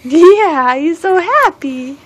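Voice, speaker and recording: A woman's voice: very high voice, animated, slow. A woman talking baby talk to her little son at home, coaxing and sing-song with gasps of delight, recorded on a home video camera. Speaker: mother filming her baby. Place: indoors at home, child's room.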